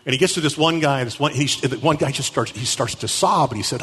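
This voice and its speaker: A man giving an animated storytelling talk at a Catholic conference, acting out the people he quotes. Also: mid-range voice, fast, hardly any pauses, husky. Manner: animated, acts out quotes with shifting voices. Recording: echoey hall.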